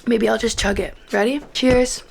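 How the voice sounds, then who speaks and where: A woman's voice: fairly high pitch, steady tone, normal speed, vocal fry, darkish tone, a little hiss or hum. A tired young woman with an Australian accent, chatting casually to her viewers late at night at home. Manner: chatty, joking, talking to viewers. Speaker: vlogger. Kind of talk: casual study vlog chat.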